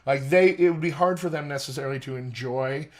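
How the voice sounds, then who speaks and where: A man working as an accent coach, talking in a casual interview in animated, quick bursts. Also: medium pitch.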